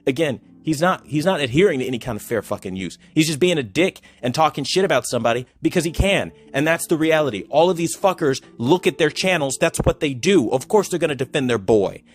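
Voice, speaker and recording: A man's voice: on the high side, lively intonation, fast, hardly any pauses. A man talking on a video channel in a heated, profane rant, repeating himself as he goes. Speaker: YouTuber.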